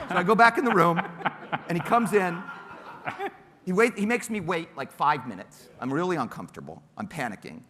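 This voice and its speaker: A man telling an animated, self-mocking story on a panel and acting out the quotes. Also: high voice, fairly quick, in a large hall.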